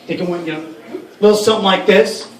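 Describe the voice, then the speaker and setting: A man's voice: high-pitched, fast talker. A man doing a stand-up comedy set in a club, rambling and profane with many restarts. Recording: roomy room sound from a far mic.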